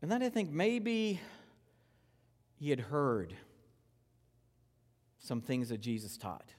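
A man preaching a sermon in a conversational way, moving between loud rhetorical questions and hushed, slow reverent passages. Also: a little high, very animated, long reverb tail. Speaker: pastor.

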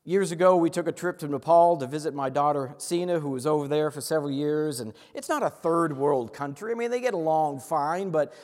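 A man from Massachusetts preaches a sermon with a high, bright voice. He is earnest, rushes through his asides and slows right down on the words he wants to land. His voice rings out with a long reverb from a large hall. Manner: earnest, with quick asides and slow emphatic stresses. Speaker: pastor.

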